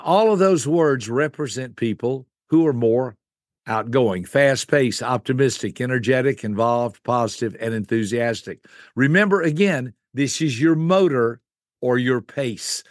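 An older man, a guest expert, explaining personality types in an animated teaching style, acting out quick voices. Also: mid-range voice, no room sound, studio quality.

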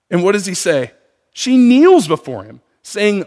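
A man preaching a sermon, asking the congregation questions in an animated way. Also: high-pitched, moderate pace, in a large hall. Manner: animated, asks the room questions. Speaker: pastor.

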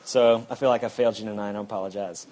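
A young man delivers a sermon in an easy, conversational way. His voice rises to loud emphasis, then drops low and quiet. A faint hiss of noise sits under the recording. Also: fast talker. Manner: conversational preaching, lively swings from loud to quiet. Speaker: pastor.

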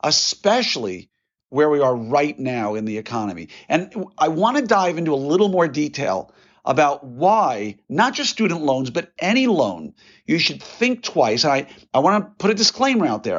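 A man's voice: fairly high pitch, very animated, normal speed, highs cut off. A man hosting his own podcast, talking casually and folksily while working through numbers aloud. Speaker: podcast host, orthodontist. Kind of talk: casual solo podcast monologue.

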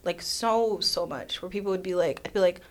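A woman speaking as a guest in a casual conversation, animated and self-deprecating, often acting out what others said. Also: on the low side, moderate pace. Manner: animated, self-deprecating, acts out quoted voices.

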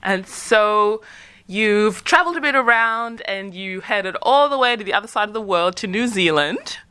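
A podcast host asks short, casual questions in a smooth, bright voice. The tone is lively and full of pitch movement. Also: moderate pace, no echo. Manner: asks short questions, many backchannel murmurs. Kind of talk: casual interview.

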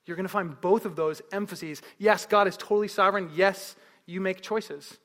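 A man preaching a sermon as pastor, telling stories in a lively way and asking the crowd one question after another. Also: sits high, normal speed, big-room sound. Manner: lively storytelling with repeated rhetorical questions.

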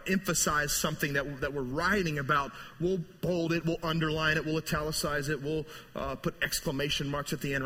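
A male pastor delivers a sermon, telling the story vividly as his voice swings between soaring lines and hushed ones. His voice is husky and sits on the high side, with long hall reverb on the recording.

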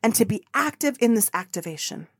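Female podcast host, high-pitched, passionate motivational delivery, dry booth sound. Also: expressive, a little fast, dry recording. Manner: emotional, fervent, repetitive affirmations.

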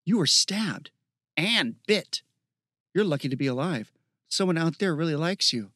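A man voicing a laid-back young guy in an audiobook, joking and loyal, his voice sitting a little higher than the narrator's. He chats in a loose, slangy way, and the sound is dry and close. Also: lively intonation, measured pace, pushed and bright, no echo, exaggerated voice. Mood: casual. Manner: casual slangy banter.

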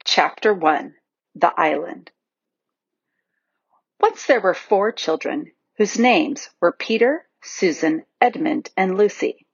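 A woman reading a children's novel aloud in a lively, expressive storybook narration, in a dull, dry recording. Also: on the low side, takes it slowly, gravelly, slightly rough, no echo. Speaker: audiobook reader.

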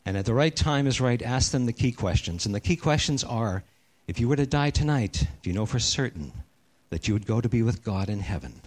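A middle-aged man preaching a sermon, telling a personal story earnestly and sinking to a hushed, slow voice for the serious parts. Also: mid-range voice, lively intonation. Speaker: pastor.

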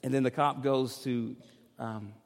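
A male pastor delivering a sermon, moving between loud, urgent preaching and relaxed, joking storytelling. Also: mid-range voice, unhurried, a little hiss or hum. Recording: long hall reverb.

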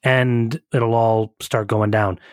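A man's voice: medium pitch, fairly even intonation, takes it slowly, no echo, studio quality. A man in casual podcast conversation, a home inspector who hedges his guesses plainly. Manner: conversational, hedging, chuckles.

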